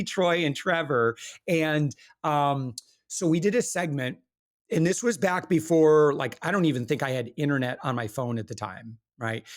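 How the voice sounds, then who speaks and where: A man guest on a business podcast, talking in an earnest, animated way and telling stories with frequent restarts. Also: fairly high pitch. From Michigan, USA. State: briefly emotional while recalling hard times. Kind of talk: casual interview talk.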